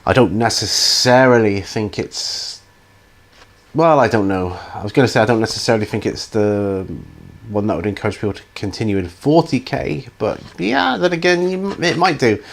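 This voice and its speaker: A middle-aged man with a somewhat low voice answers viewer questions on his hobby channel. He rambles and hesitates, restarting sentences and filling gaps with ums, in an easy, casual way. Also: lively intonation, moderate pace, gravelly. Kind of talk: casual Q&A chat.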